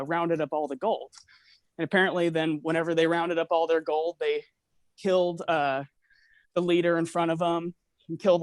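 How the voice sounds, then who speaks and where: A man's voice: fairly high pitch, dry recording. A man talking casually on a call, rambling with lots of fillers and restarts, a little out of breath from walking. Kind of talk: casual conspiracy chat.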